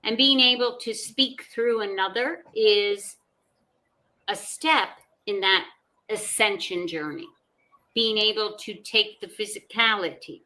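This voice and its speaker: A woman speaking as a guest on a conversational podcast, explaining her views with calm assurance. Her tone is bright and forward, at a mid pitch for a woman. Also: slow, rough recording.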